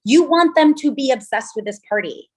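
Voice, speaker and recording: A woman in her thirties from California, a venue owner telling stories in an interview, chatty and animated with lots of quoted dialogue. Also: sits high, moderate pace. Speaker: venue owner and wedding designer. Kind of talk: interview conversation.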